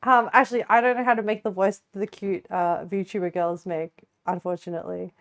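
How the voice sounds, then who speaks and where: A woman's voice: mid-range voice, steady tone, brisk. A young Australian woman chatting casually while baking on a stream, giggling often and rambling with lots of restarts.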